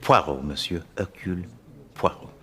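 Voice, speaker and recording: An actor playing a fussy, formal middle-aged Belgian detective, with a lilting Belgian French accent and a heady voice that rises at the ends of lines. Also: male voice, moderate pace, a bit bright. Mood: courteous. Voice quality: voice placed high in the head, lilting up at line ends. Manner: precise and formal.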